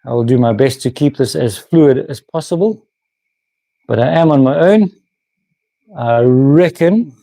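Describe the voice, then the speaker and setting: A man's voice: mid-range voice, gravelly, warm tone, dry recording. A man hosting a woodworking live stream, chatting casually with viewers, laughing often and restarting his sentences. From South Africa. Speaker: woodworking channel host. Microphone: camera mic, moving handheld camera.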